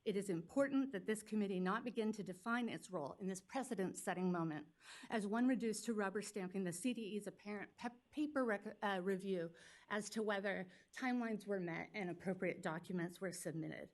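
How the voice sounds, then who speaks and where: A woman attorney makes a formal legal argument before a public commission. She talks quickly and pointedly, pressing each point. Her voice sits at a middle pitch. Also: darkish tone. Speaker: attorney representing a school district. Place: public meeting hearing room.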